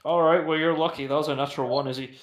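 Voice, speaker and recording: A man's voice: a little high, steady tone, rapid-fire, a little hiss or hum. A man running a tabletop game as game master, narrating hesitantly with many fillers. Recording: echoey room.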